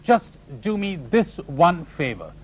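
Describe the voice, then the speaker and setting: Male speaker doing a pious old man, wheedling and insistent, raised and lively pitch. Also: takes it slowly, breathy edge, heavily acted, poor audio. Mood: pleading.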